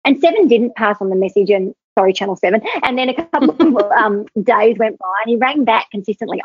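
Woman guest, earnest storyteller, husky tone, dry narrow phone-line sound. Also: a little high, lively intonation, fast talker, few pauses, no echo. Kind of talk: storytelling advice on leadership.

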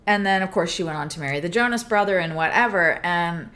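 A woman in her thirties, a podcast co-host telling a story in casual chat with a theatrical, animated delivery. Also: lowish voice, quick pace.

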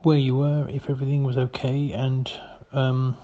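A man's voice: medium pitch, level tone, moderate pace, warm tone, dull audio. A man leaving a hesitant, matter-of-fact voicemail for a friend in a comic sketch, full of ums.

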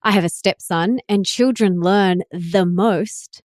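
A woman's voice: medium pitch, slow pace, darkish tone, no echo, studio quality. A woman hosting a podcast in casual conversation, enthusiastic and affirming. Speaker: podcast host.

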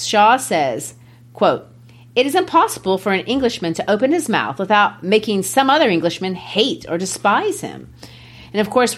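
Lower-voiced Memphis woman explaining literature. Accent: Memphis, Tennessee. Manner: explanatory, lecture-like, quotes texts. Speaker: podcast co-host. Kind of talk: literary discussion.

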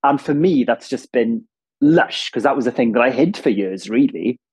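A man from south-west Wales with a strong accent, a TV presenter talking as a guest in a lively, animated way and laughing as he speaks. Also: medium pitch, moderate pace, husky. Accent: south-west Welsh. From Ammanford, south-west Wales. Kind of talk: casual interview chat.

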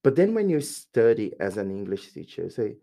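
Brazilian-accented man telling lively stories. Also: on the low side, fairly quick, vocal fry. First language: Portuguese. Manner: lively storyteller who acts out quoted voices. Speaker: guest, English teacher. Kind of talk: casual podcast interview.

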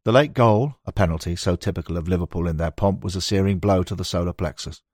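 A man reading a nonfiction book aloud in a measured, storytelling manner. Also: low-pitched, darkish tone, no room sound, clean studio sound. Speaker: audiobook narrator. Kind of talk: scripted nonfiction narration.

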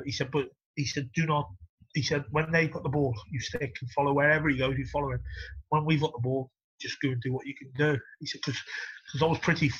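A middle-aged former footballer, telling stories casually, swearing and laughing a lot. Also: male voice, medium pitch, husky. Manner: swears a lot, laughs through stories, gets loud when excited. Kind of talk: casual storytelling interview. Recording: dull lo-fi audio.

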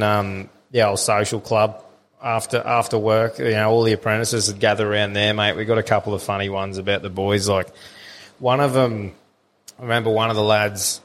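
A man with an Australian accent co-hosting a podcast, telling rambling, swear-filled stories with a lot of laughter. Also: lowish voice. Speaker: podcast co-host. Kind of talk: casual chat.

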